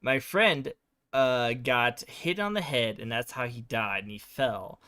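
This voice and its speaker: A man's voice: medium pitch, unhurried, sharp tone, dry recording, studio quality. A male streamer casually recapping a game's story, rambling with lots of fillers. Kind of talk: casual game recap chat.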